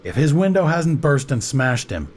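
A man voicing an excitable naval commander on a gunboat, speaking in an animated, dramatic way. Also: mid-range voice, moderate pace, a little hiss or hum, pitched above the performer's own voice, natural voice. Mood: brooding.

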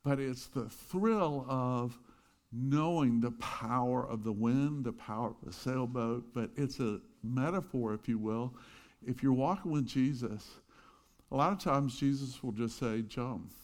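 A middle-aged pastor telling a lively story in his sermon, with chuckling asides. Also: mid-range voice, measured pace.

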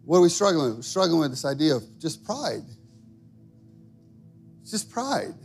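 A man's voice: a little high, sing-song, moderate pace, vocal fry, breathy edge, soft background music. A man in his thirties preaching a sermon, telling stories with lots of fillers and building to emphatic calls. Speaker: pastor.

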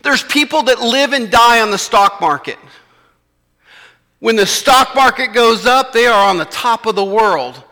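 A man's voice: very high voice, expressive, measured pace, bright, forceful tone, in a large hall. A man, preaching a sermon in a church in a conversational way and acting out the voices of his listeners. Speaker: pastor.

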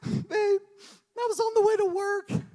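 A man voicing his panicked young wife, crying and rushing her words on the phone. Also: extremely high pitch, flat delivery, dark tone, pitched above the performer's own voice.

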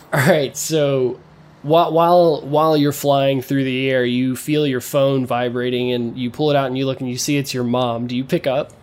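A man narrating a tabletop game as game master, relaxed and chuckling, with frequent fillers. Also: mid-range voice, normal speed, natural voice.

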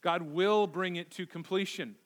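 Male pastor, high voice, emphatic sermon delivery from the pulpit. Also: a little slow. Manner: emphatic, repeats key words for stress. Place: church sanctuary.

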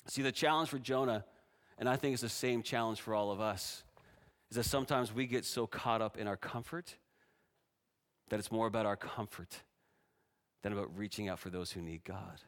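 Animated man preaching a sermon. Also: normal speed, smooth. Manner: animated, voices God and Jonah with rising pitch and force. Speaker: pastor.

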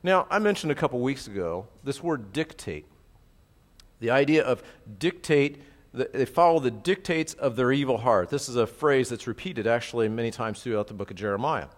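A middle-aged man preaches a verse-by-verse sermon in a relaxed, conversational way. He keeps turning to his listeners with quick asides and checks that they follow along. His mid-range voice carries a long reverb from a church hall. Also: medium pitch. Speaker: pastor. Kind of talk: expository sermon.

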